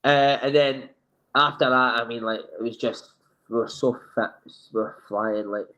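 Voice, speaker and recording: A man with a Scottish accent, a guest telling lively anecdotes and acting out the dialogue in a sofa chat. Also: mid-range voice, measured pace, dull audio. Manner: lively storyteller who acts out quoted dialogue. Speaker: former footballer guest.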